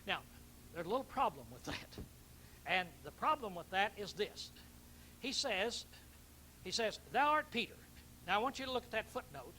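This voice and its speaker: A man's voice: sits high, very animated, normal speed, long pauses, bright, forceful tone, slight background noise, rough recording. A man preaching a Bible teaching sermon, emphatic, repeating key words and questioning his listeners.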